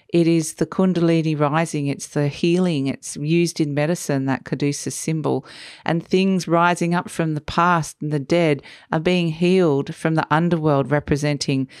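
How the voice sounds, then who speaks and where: A woman giving a spoken tarot reading, gentle and spiritual, often trailing off and restarting, and a little short of voice today. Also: sits low, no room sound, studio quality. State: losing her voice. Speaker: tarot reader.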